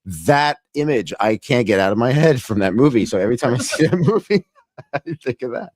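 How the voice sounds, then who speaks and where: A man's voice: medium pitch, big pitch swings, fairly quick, dry recording. A man hosting a casual chat about films, rambling, often laughing, trailing off and restarting. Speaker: host.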